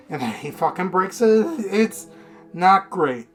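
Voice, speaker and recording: A man's voice: sits high, expressive, takes it slowly, soft background music. A man casually reviewing a manga in a rambling, profane, unfiltered way.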